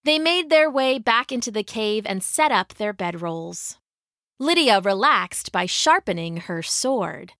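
A woman storyteller reading a scripted children's story aloud in an even, unhurried way. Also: mid-range voice, dry recording, studio quality. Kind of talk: scripted narration.

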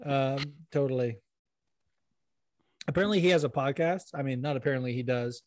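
A man's voice: medium pitch, normal speed, darkish tone, no echo. A young man hosting a podcast in casual chat, rambling and self-deprecating, swearing now and then. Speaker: podcast host.

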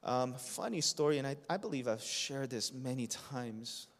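A pastor in his thirties preaching a sermon to his congregation, impassioned and building to loud emphasis. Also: mid-range voice, lively intonation, normal speed. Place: church sanctuary. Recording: long reverb of a church hall.

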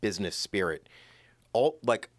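A man's voice: fairly low pitch, big pitch swings, unhurried, no room sound. A man from Rhode Island co-hosting a podcast, telling rambling, profane stories full of fillers in casual chat.

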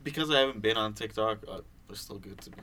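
A young man co-hosting a podcast speaks fast in a lowish, bright, forceful voice, with a little hiss or hum in the background. He chats casually and rambles, swearing a lot and packing in fillers and restarts.

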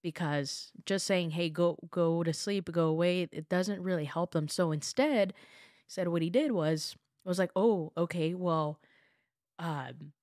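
A woman's voice: lowish voice, normal speed, darkish tone, no room sound, clean studio sound. A woman hosting a casual conversation, retelling a story and quoting what people said. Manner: chatty, retells anecdotes with quoted dialogue.

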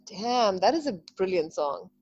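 Blunt, animated woman co-host chatting casually, slightly muffled recording. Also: medium pitch, dry recording, faint music behind. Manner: animated, swearing, quick asides. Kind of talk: casual chat.

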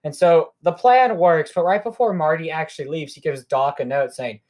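A man's voice: a little high, moderate pace, few pauses, darkish tone. A young man hosting a podcast, casually recapping a movie in a rambling, profane way with lots of fillers. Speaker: podcast host.

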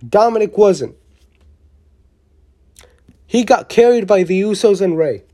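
Slow, mellow, rambling wrestling reviewer. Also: mid-range voice. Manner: rambling, excitable, with many restarts; blunt, with mild swearing. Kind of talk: casual opinionated review.

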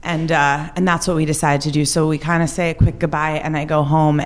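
A woman's voice: deep voice, flat delivery, a little fast, hardly any pauses. A woman telling a personal story on stage, candid and confessional in an everyday conversational way. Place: stage at a live show.

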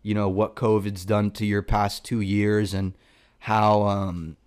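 A man's voice: lowish voice, level tone, slow, darkish tone, clean tone. A young man, a comedian, ranting casually and profanely, rambling with lots of filler words and exasperation.

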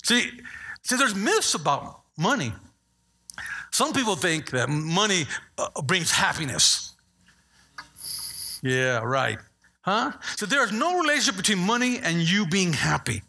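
High-voiced, animated preaching man. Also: measured pace, vocal fry, pauses often. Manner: animated, acts out voices, asks the congregation questions. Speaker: pastor. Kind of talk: sermon.

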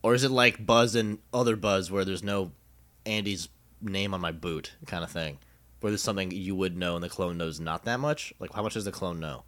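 A young man with a very low voice chats loosely with a friend. He swears casually and often lets his sentences sink into quiet mumbles. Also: moderate pace. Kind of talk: casual chat.

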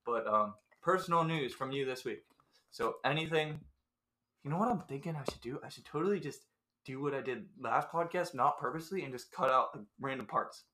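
Bright-voiced young male podcast host. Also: medium pitch, lively intonation, brisk. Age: young adult. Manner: joking, loose slangy banter. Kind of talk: casual chat.

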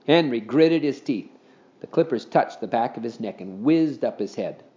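Expressive man reading a children's story. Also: medium pitch, normal speed. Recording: dull lo-fi recording.

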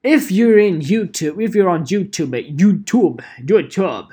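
A man's voice: high voice, lively intonation, measured pace, mellow, breathy edge. A man hosting a podcast alone, talking casually in a rambling, profane, self-deprecating way. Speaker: podcast host.

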